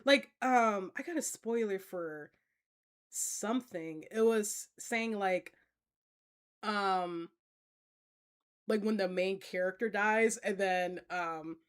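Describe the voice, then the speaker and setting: A woman's voice: mid-range voice, takes it slowly, pauses often, clear, resonant tone. A woman streamer in a casual Q&A, chatting with her viewers, laughing often and using plenty of fillers. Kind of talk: casual Q&A reading chat comments.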